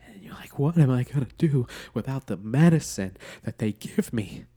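A man's voice: mid-range voice, animated, moderate pace, dark tone, husky. A man in his late twenties hosting a podcast, chatting casually and joking with lots of profanity. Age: 20s. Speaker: podcast host. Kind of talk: casual chat.

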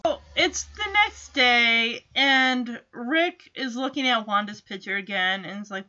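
A woman with a high, bright voice talks through a TV episode in a casual, giggly way, laughing often. She speaks unhurriedly, and the audio sounds dull and lo-fi. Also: measured pace, hardly any pauses. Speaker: show recapper.

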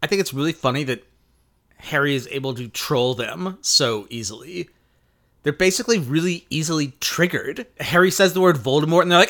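A man's voice: on the high side, brisk, a bit bright. A man co-hosting a podcast in casual, joking chat, saying "like" often and acting out what others say. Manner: joking, lots of "like", acts out quoted voices. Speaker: podcast co-host.

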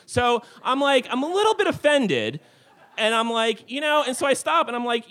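Animated man telling a lively story. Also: very high voice, moderate pace. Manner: animated, rambling with many fillers. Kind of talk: live storytelling for an audience. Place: tavern stage before a live audience.

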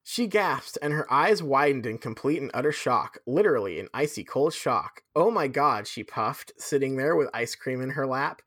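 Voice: medium pitch, lively intonation, normal speed, few pauses, fairly bright tone, no echo, studio quality. A podcast host reading fan fiction aloud with dramatic flair, breaking off for sweary asides.

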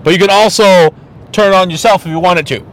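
A young man hosting a podcast, telling a story in a casual, profane way and acting out other people's lines with lively swings in his voice. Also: high voice, brisk. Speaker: podcast host.

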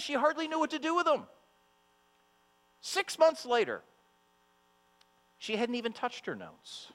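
A male preacher delivers a sermon and speaks straight to the women listening. He is emphatic and repeats himself for weight, in a high voice. The long reverb of a hall and a faint mains hum sit behind him. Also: fairly bright tone.

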